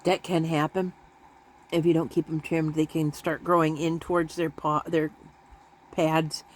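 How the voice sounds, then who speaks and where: A woman in casual vlog chat, rambling and laughing often, who switches to a high baby voice when talking to her pets. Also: flat delivery, unhurried, a little hiss or hum. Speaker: vlogger.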